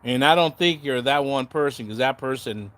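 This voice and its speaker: Mid-range in pitch, moderately paced, and fairly bright, a man runs a casual livestream talking to viewers in the comments. He's sarcastic and meandering, swears a lot, and keeps losing his thread.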